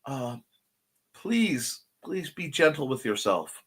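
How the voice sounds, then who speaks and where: A man's voice: mid-range voice, big pitch swings, normal speed, a bit bright. A man hosting a casual live-stream show, reading viewer comments aloud in a playful way. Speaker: host of a creative morning show.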